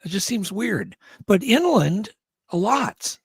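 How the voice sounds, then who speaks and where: A male host chatting and asking relaxed questions in a casual interview. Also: sits high, slow, slightly rough, dry recording.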